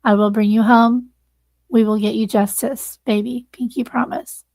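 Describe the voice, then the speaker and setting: A woman's voice: a little high, little pitch movement, moderate pace, darkish tone, dry recording. A woman hosting a livestream, earnestly thanking viewers and close to tears. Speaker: livestream host. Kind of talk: casual livestream sign-off.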